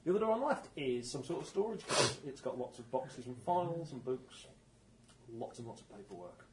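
A man's voice: medium pitch, sing-song, brisk, heavy background noise. A man running a tabletop role-playing game as game master, describing rooms with frequent ums and uhs. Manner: hesitant, lots of ums and uhs.

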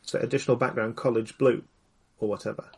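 A man with a gravelly, husky voice chats at a tabletop game. He offers suggestions loosely, padding them with "um" and "whatever". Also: mid-range voice, steady tone, quick pace. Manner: chatty, suggesting ideas with many fillers. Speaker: player. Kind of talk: casual tabletop chat.

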